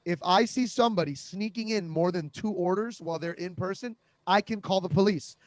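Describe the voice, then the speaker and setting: A young man doing a conversational comic monologue, deadpan and absurd, with lots of fillers, over a video call. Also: high-pitched, a little fast, no room sound. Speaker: comedian. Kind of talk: stand-up style comic monologue.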